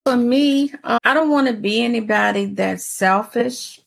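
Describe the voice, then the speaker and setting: A woman in her forties telling stories in a casual chat, animated and often laughing. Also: a little high, unhurried, gravelly, breathy edge. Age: 40s. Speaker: panelist.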